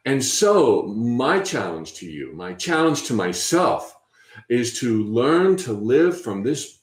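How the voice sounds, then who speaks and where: A man hosting a spiritual workshop, talking in a gentle, encouraging way with frequent fillers and restarts. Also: medium pitch, sing-song, slow pace, echoey room. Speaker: workshop host. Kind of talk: guided spiritual workshop talk.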